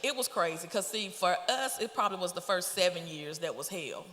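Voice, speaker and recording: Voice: medium pitch, expressive, a little fast, sharp tone. A married guest on a church marriage panel, answering frankly and plainly about the couple's early years. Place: church sanctuary. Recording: echoey hall with long reverb.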